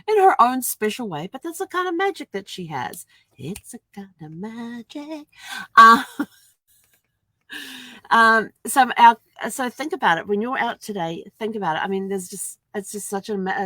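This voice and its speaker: An older woman talks casually on a livestream from inside her RV. Her voice sits a little low, and she laughs often as she chats. The sound is dry and close. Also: no room sound. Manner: chatty, laughs often, animated quoting. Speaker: vlogger.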